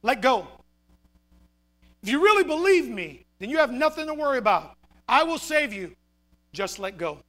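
A man preacher voicing God as a calm, reassuring voice answering from above. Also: extremely high pitch, moderate pace, long pauses, exaggerated voice.

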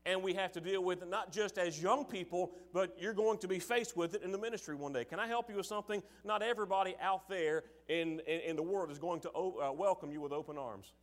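A man preaching a sermon, moving from casual, filler-laden asides to forceful, emphatic calls to his listeners. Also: high voice, quick pace, hardly any pauses. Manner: acts out his father's sarcastic voice.

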